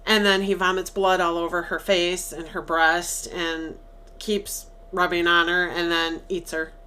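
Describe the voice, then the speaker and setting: A woman's voice: on the low side, a little slow, smooth. Chatty woman podcaster retelling a movie. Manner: animated, acts out quoted lines with laughs. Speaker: podcast co-host. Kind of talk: casual chat, retelling a movie.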